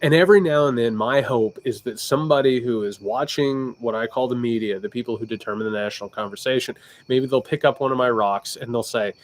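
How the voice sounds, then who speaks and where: A man's voice: medium pitch, normal speed. A man with a Southern Indiana accent talking casually on a livestream, loose and candid, often restarting his sentences as he answers viewer questions. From Indiana, United States. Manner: animated, with frequent restarts. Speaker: political commentator livestream host.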